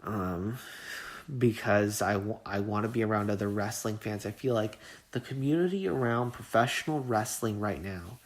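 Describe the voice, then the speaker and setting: This is a man hosting his own podcast, a Southern Californian whose earnest monologue turns emotional, full of repeated and restarted words. His voice sits on the low side and moves at a normal speed.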